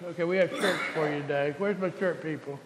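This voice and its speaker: A man's voice: a little high, fairly even intonation, brisk, background noise. A man leading a children's sermon as pastor, with a playful, coaxing way of talking to the kids. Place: large church sanctuary. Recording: echoey church hall, mic at a distance.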